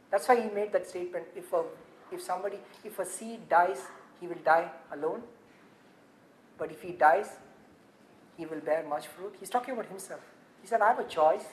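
A woman preaching a sermon from scripture, animated, repeating phrases and asking rhetorical questions, swinging from emphatic peaks down to hushed low passages. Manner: animated, rising to emphatic peaks, then dropping very low and quiet. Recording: echoey room with faint background noise.

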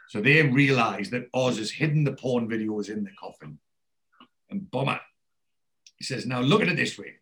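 Man, podcast host, casual recap, mid-pitched, acts out quotes. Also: moderate pace. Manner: animated storyteller acting out quoted lines.

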